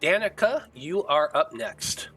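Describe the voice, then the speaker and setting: A man's voice: a little high, sing-song, takes it slowly, sharp tone, breathy edge, soft background music, low-quality recording. A man narrating as game master of a tabletop game in a casual, hesitant way with fillers.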